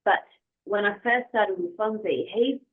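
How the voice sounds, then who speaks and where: A woman's voice: medium pitch, unhurried. A woman with an Australian accent, a podcast guest talking about her dog in a friendly, enthusiastic way. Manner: friendly, enthusiastic, soft-spoken. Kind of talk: casual interview chat. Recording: phone-like remote call audio.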